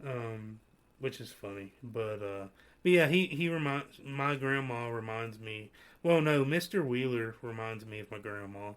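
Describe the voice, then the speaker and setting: Man, podcast host, casual chat, rambling storyteller, restarts a lot, mid-range pitch. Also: measured pace, fairly bright tone, smooth.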